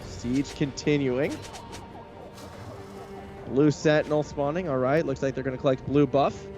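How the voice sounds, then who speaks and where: A man's voice: mid-range voice, steady tone, unhurried, a little mellow, muffled recording, faint music behind. A young man giving live commentary on an esports match, chatty and analytical, speeding up when the action heats up. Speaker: esports caster.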